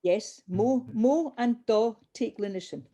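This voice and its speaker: A woman leads a language class at an unhurried pace. Her voice is mellow and soft-edged. She patiently drills each sound and calls on her learners one by one. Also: a little high. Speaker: language teacher. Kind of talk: online group language class.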